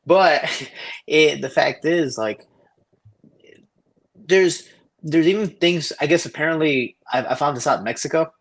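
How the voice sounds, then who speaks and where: A man co-hosting a casual podcast, telling stories in a profane, animated way over a remote connection. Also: on the high side, a little slow, pauses often. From Cicero, Illinois area. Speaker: podcast co-host. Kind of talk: casual podcast chat, storytelling. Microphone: remote call over shaky Wi-Fi.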